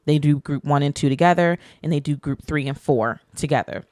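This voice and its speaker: A woman with a low voice hosts a casual podcast. She tells her story in a lively way and acts out the people she quotes. The sound is close and dry, with no room echo. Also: fairly quick. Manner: animated, acts out quoted people with pitch jumps. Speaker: podcast host.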